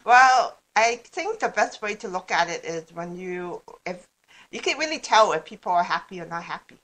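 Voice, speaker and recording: A woman with a somewhat low voice talks as a guest on a casual podcast. She rambles, breaks off and restarts her sentences, and laughs easily as she explains her ideas. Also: lively intonation, moderate pace, fairly bright tone. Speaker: guest speaker on law of attraction.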